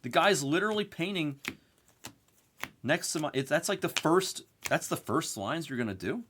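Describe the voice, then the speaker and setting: A man hosting a live card break, telling a story in an animated, profane rant. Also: on the high side, moderate pace, slight background noise.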